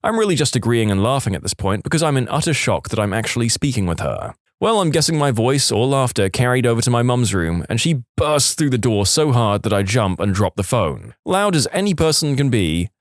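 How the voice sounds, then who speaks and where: A man reading submitted stories aloud in an animated storytelling manner on a close studio mic. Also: mid-range voice, brisk, few pauses, no echo. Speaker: story narrator.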